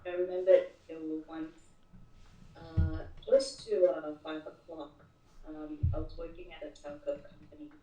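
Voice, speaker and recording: A woman appearing as an interview guest tells a work story in casual talk, often repeating words as she begins sentences. Her voice sits low and is mellow, with fairly even intonation and a slightly slow pace, picked up by a distant mic with roomy echo.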